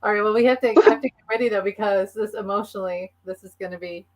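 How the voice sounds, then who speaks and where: A woman's voice: mid-range voice, fast talker, a little mellow, low-quality recording. A middle-aged woman hosting a casual live video-call chat, talking eagerly and chattily. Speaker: host.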